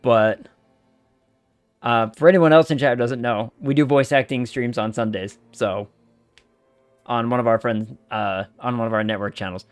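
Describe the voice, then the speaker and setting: A man's voice: mid-range voice, fairly even intonation, normal speed, clean tone, no room sound, soft background music. Chatty streamer man, dry close mic. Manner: chatty, loose, swears casually. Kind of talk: casual gaming stream chat.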